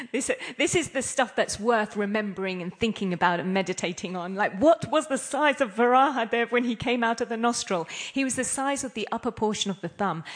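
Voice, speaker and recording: A woman giving an interactive scripture class, playful and laughing often as she quizzes her listeners. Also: medium pitch. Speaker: class speaker.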